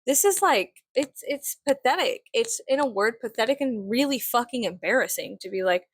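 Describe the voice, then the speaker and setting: A woman in her thirties venting in a casual vlog, blunt, profane and sarcastic, swinging into sudden high laughs. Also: expressive, moderate pace, slightly rough, dry recording. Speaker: vlogger.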